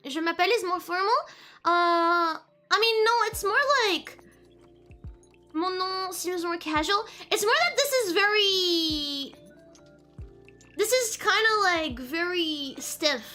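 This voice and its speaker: Very high, bright-voiced giggly woman. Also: slow pace, soft background music. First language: French. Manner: giggly, playful, easily distracted. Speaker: streamer teaching French. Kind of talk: casual live-stream lesson.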